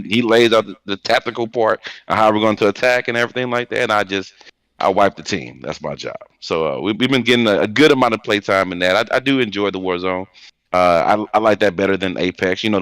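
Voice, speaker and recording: A man with a low voice chatting casually about games, rambling and restarting his sentences. The sound is dry and close. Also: quick pace, a bit bright, smooth, no room sound. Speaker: podcast co-host. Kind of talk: casual gaming chat.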